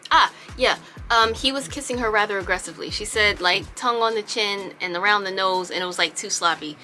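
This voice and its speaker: Chatty, bright-voiced woman vlogger. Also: medium pitch, brisk, soft background music. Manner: chatty, animated storytelling. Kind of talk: storytime vlog.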